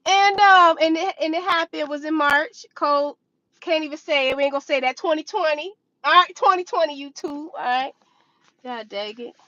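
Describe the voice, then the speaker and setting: A woman's voice: sits high, brisk, a bit bright, no room sound. A woman in her twenties telling a personal trading story to her viewers in a casual, dramatic way, acting out her own reactions. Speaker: vlogger sharing stock trading experience. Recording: slightly dull, dry recording.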